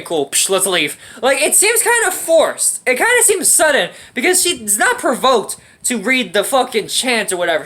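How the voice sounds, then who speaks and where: A young woman tears into a film in a casual, profanity-laced rant full of sarcasm. Her voice is bright and fairly high, swinging widely in pitch as she riffs. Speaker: movie reviewer. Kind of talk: casual comedic movie rant.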